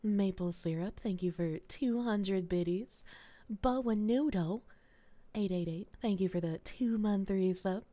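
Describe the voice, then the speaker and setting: A woman streaming live, thanking viewers in casual, sleepy, low-key chat and swearing freely. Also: unhurried, dark tone, no echo. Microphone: desk mic with gain turned up.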